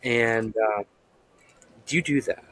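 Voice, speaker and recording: A man's voice: medium pitch, slow pace, fairly bright tone, poor audio. A young man, an author being interviewed, chatting easily and laughing often. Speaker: author guest. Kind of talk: casual interview chat.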